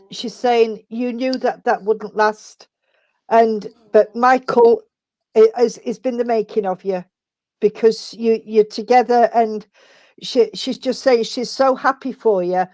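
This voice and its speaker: Lady medium passing on spirit messages, warm and chatty, slightly high voice, dry sound. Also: no echo. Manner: affectionate, chatty, calls people sweetheart. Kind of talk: giving spirit messages at a service.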